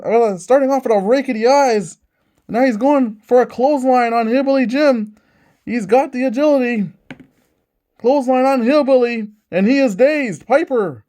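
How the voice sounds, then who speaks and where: A man calling a tabletop wrestling game in the manner of an excited ring announcer, narrating each move as it happens. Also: very high voice, moderate pace. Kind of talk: wrestling play-by-play commentary.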